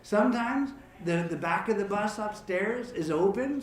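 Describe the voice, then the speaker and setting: A man's voice: high voice, lively intonation, normal speed. A man hosting a musical program, chatting and joking casually with the audience in a parlor. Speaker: musical entertainer and host. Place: echoey parlor room. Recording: roomy echo from a distant mic, guitar.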